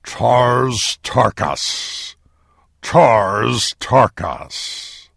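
A man voicing a huge, stern male green Martian warrior chief in a storybook reading, speaking in slow, solemn pronouncements. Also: medium pitch, lively intonation, vocal fry, a bit bright, no echo, studio quality, pitched above the performer's own voice, exaggerated voice. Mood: proclaiming. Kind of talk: storybook character voice.

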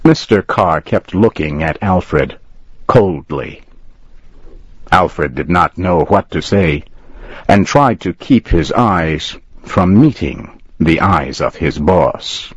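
Man reading a story slow and clear for learners, low husky voice, kinda muffled radio sound. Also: expressive, no echo. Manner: slow, plain, carefully spoken. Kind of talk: scripted story narration for learners.

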